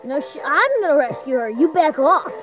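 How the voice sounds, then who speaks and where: A playful woman reacting to videos in casual banter, her voice high and leaping all over the place. Loud music from the clip plays clearly behind her. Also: normal speed, highs cut off. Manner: playful, excitable, jokey banter. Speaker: video reactor, channel host. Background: music from the video being watched.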